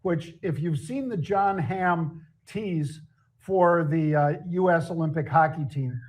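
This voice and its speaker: A man's voice: fairly high pitch, takes it slowly, darkish tone. A middle-aged man co-hosting a casual market talk show, chatty and jokey. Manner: chatty, jokey, laughs at own stories. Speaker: show co-host.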